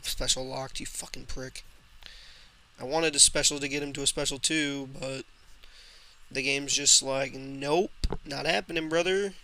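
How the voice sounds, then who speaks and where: A man's voice: medium pitch, flat delivery, a little slow, long pauses, bright, forceful tone. A young man casually commenting on his own gameplay for a live stream, often frustrated and swearing at the game. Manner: frustrated, swearing, talks to himself and chat.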